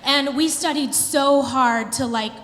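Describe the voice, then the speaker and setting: A woman in her thirties performing a stand-up comedy routine, telling an animated story with playful put-on quotes. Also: high-pitched, takes it slowly, a little hiss or hum. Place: theater stage before a live audience. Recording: reverberant hall with faint ambience.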